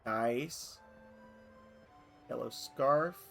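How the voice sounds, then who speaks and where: A man's voice: medium pitch, very slow, creaky, fairly bright tone, faint music behind. A man casually commenting on a video game, reading its dialogue aloud and making chatty, wry asides. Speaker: let's play host.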